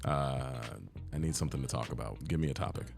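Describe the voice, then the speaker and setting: A man co-hosting a casual podcast, joking around and breaking into loud laughs. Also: very deep voice, fast talker, creaky, music in the background. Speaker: podcast co-host. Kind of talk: casual chat.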